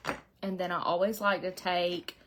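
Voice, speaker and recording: Chatty middle-aged Southern woman, low voice. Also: level tone, moderate pace, noisy background. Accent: Southern US, Georgia. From Southeast Georgia, USA. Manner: chatty, rambling, laughs often. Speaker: beauty vlogger. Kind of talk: casual chat while doing makeup. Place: her home beauty room, indoors.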